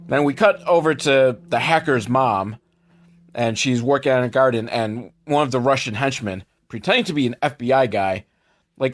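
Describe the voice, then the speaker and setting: A man recapping a movie for comedy, sarcastic, jumping into quick put-on voices for the characters. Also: medium pitch.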